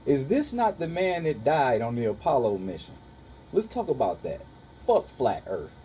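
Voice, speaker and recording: A man's voice: medium pitch, sing-song, normal speed, warm tone, slight background noise, rough recording. A young man casually livestreaming, arguing with his chat in a profane, dismissive way.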